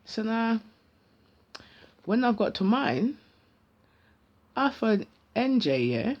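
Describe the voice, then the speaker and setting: Lively, heavy man. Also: high voice, slow pace, lo-fi sound. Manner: animated, slangy, acts out each side of a dialogue. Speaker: vlogger. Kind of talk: casual storytelling.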